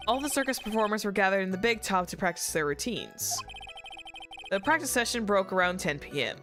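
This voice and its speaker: A woman's voice: mid-range voice, sing-song, brisk, music in the background, natural voice. Woman reading as an eager, bumbling detective. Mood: earnest.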